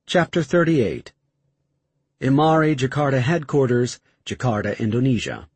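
A man narrating an audiobook in a measured, expressive reading style. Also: medium pitch, slightly rough, no room sound.

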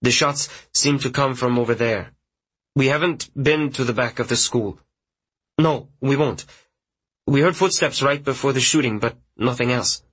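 A man voicing a calm teenage boy who speaks carefully and deliberately on an emergency call, in an audiobook. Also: mid-range voice, breathy edge. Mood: tense but calm. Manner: measured, carefully articulated. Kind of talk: audiobook character voice.

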